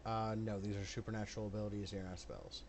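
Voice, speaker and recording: A man narrates and rules as game master in a tabletop session, his voice sitting slightly low. He speaks bluntly and swears casually. The recording carries a clear layer of background noise. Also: level tone, quick pace.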